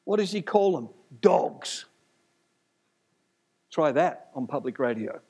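Male preacher, husky, a bit high-pitched, lively sermon delivery with humorous asides. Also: a little fast. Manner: animated, rising to emphatic peaks, jokes and asides.

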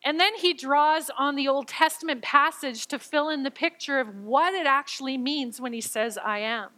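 Woman preaching, reads scripture then explains it, bright highish voice, acts out the quotes. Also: moderate pace, low-quality recording. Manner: expressive, acts out quoted lines, stammers when excited. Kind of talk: sermon reading and explaining scripture.

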